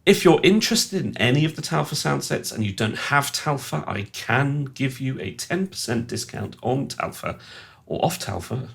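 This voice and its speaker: A man's voice: medium pitch, expressive, moderate pace, vocal fry, breathy edge. A man, a sound designer, gives a casual, rambling and self-mocking walkthrough of his synth patches.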